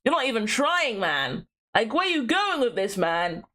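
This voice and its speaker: Brief: young female let's-play host, high-pitched and swooping, jokey and repetitive. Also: a little slow, a little hiss or hum. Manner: playful, animated, given to repeating herself. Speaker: gaming streamer. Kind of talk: casual let's-play commentary.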